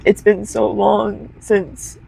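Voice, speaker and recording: Oracle card reader, slow and unhurried, a bit of fry in the voice, casual and heartfelt. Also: medium pitch, flat delivery, mellow, rough recording. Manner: casual, heartfelt, talks straight to the viewer. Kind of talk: pick-a-card energy reading.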